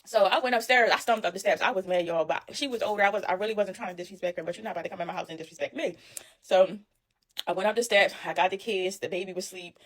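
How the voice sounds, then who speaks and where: A woman telling a story about herself in a casual, animated, indignant way, speaking straight to her listeners. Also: medium pitch, fast. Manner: animated, indignant, addresses listeners as y'all and honey. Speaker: storyteller recounting her own experience.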